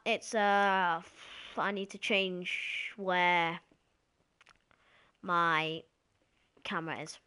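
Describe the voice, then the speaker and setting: A woman giving excitable live gameplay commentary, yelping and shrieking as the action happens. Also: lowish voice, slow pace, pauses often, clear, resonant tone. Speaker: gamer streaming live.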